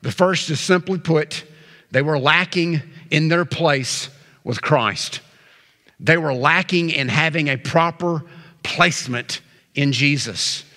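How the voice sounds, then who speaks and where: Bright-voiced preaching man, echoing church. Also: a little high. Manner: emphatic preaching with dramatic pauses and slowed key words. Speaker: pastor. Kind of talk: sermon. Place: church sanctuary. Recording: church sanctuary reverb.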